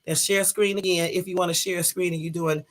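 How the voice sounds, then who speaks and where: A woman's voice: lowish voice, steady tone, a little fast. A woman hosting a casual live stream, tired and a bit out of breath, chatting loosely and rambling to her viewers. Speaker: YouTube live host.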